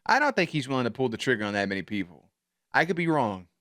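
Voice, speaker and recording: A man's voice: mid-range voice, big pitch swings, quick pace, a bit bright. A man hosting a reaction video, swearing and laughing as he comments on a show. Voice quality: profane, laughs often.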